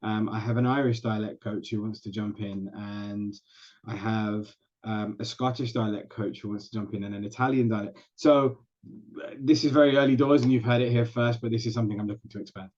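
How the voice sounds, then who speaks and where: A man's voice: fairly low pitch, steady tone, brisk, darkish tone, highs cut off. A man with an English accent, a guest actor and dialect coach chatting at length over a video call. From England. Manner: chatty, explains at length with many restarts. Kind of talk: casual interview chat.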